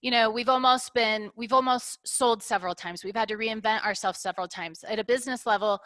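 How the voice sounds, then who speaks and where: Briskly and in a slightly high, somewhat bright voice, a middle-aged business owner works through her ideas in a candid interview. She is reflective, leans on analogies and often wraps up a point with "right?". There's no room sound.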